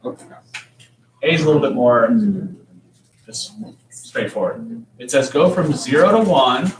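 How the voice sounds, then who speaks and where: Joking teacher in an echoey classroom. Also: male voice, mid-range voice, lively intonation, a little slow, a little hiss or hum. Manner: joking, conversational. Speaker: math teacher. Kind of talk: classroom lesson. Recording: echoey classroom, distant mic.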